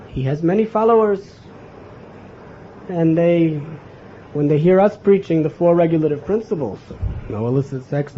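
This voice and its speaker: Earnest and fairly high-pitched, with a dark tone, this American man lectures on devotional topics and keeps asking the audience "huh?". The dull, lo-fi recording carries faint ambience and slight background noise.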